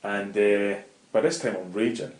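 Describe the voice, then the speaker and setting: A man's voice: fairly low pitch, moderate pace. A middle-aged Scottish man telling a vivid, swear-laden story as an interview guest in casual talk. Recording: roomy echoey room.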